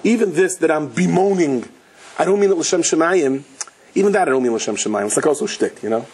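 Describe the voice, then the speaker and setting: A man's voice: fairly quick, slightly rough. A man, a rabbi giving a Torah lecture, telling stories and acting out the people in them with big jumps in his voice. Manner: animated storyteller, acts out quotes with big pitch jumps.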